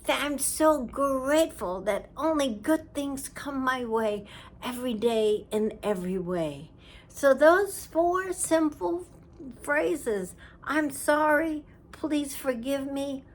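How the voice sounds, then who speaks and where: A woman's voice: high voice, slow. A woman giving an earnest spiritual talk, sometimes dropping to a whisper for emphasis. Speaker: spiritual teacher. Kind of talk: slow, heartfelt spiritual talk.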